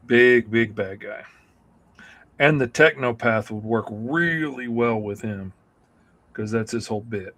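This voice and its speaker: A man's voice: medium pitch, measured pace, a bit bright. A man co-hosting a casual comics livestream, telling self-deprecating jokes and stories. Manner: joking, self-deprecating storyteller. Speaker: comic artist co-host.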